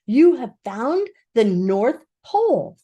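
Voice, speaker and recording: A woman's voice: fairly high pitch, sing-song, takes it slowly, dark tone, husky, voice pushed up, full character voice. An older woman voicing an earnest young boy speaking solemnly.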